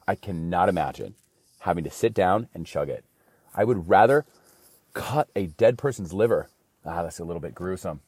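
A man's voice: sits low, mellow, slightly rough, no echo. A man talking in a rambling, slangy casual monologue in a studio, saying bro a lot.

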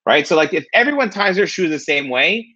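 A husky, bright-voiced man in his thirties chats as a podcast guest, talking fast with lively swings in pitch. He keeps tagging "right?" onto his points, and the audio sounds a bit dull and lo-fi. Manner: animated, fast, repeats "right?". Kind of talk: casual chat.

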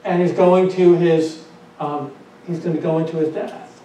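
A man's voice: fairly high pitch, fairly even intonation, unhurried, far from the mic, slight background noise. Male pastor preaching in an echoey room. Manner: rhetorical questions, repeats phrases, trails off softly. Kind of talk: sermon.

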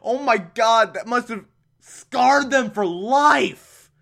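Sarcastic reviewer drawling through an episode recap, bright clear tone, kinda exasperated. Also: medium pitch, slow pace. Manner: sarcastic, exasperated, bursts into laughter. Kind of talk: casual recap commentary.

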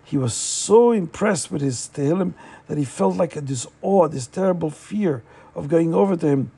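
A man's voice: fairly high pitch, lively intonation, normal speed, vocal fry, warm tone, slightly rough. A man telling a story aloud in a chatty, informal way, with frequent fillers and restarts. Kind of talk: casual oral storytelling.

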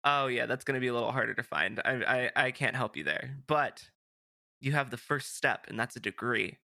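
A man's voice: medium pitch, brisk, gravelly, pushed and bright, dry recording, clean studio sound. A young man hosting a video game podcast in a rambling, casual chat full of fillers. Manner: chatty, rambling, filler-heavy. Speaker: podcast host.

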